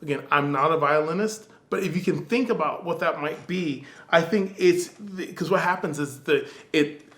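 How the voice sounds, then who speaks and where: A man with a fairly high voice gives a casual music lesson. He sings the passages aloud in quick syllables and starts over mid-sentence. The room around him is echoey. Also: fairly bright tone. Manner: talks in loose restarts. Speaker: music teacher giving feedback.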